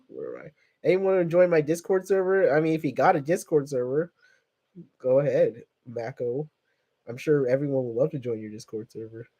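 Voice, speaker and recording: A young man hosting a casual livestream, reading viewer comments and chatting in a rambling, joking way with tangents. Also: a little high. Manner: rambling, jokey, trails off into tangents. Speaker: livestream host.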